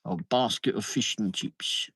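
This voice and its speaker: A husky but fairly bright male voice, on the low side, talks unhurriedly during a travel livestream from a vehicle. The host reads out viewer comments with muttered asides, in a low-quality recording without echo.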